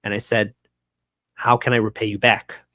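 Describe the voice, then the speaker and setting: A man, a guest on a talk show, telling an emotional personal story in an earnest, halting way with many restarts. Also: lowish voice, little pitch movement, pushed and bright, no room sound, clean studio sound.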